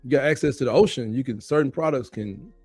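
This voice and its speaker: A man co-hosting a casual sports talk show, an animated storyteller who laughs often and keeps repeating his catchphrases. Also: mid-range voice, fast, husky, dry recording, soft background music.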